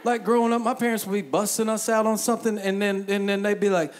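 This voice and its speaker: A man's voice: high-pitched, steady tone, normal speed. A man in his thirties preaching a sermon as pastor in a church, joking and acting out inner voices. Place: church sanctuary.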